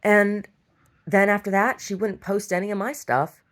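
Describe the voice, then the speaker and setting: This middle-aged shop owner rambles through a long, casual story, getting frustrated and starting over many times. She speaks at a normal speed with a medium-pitched, slightly bright voice.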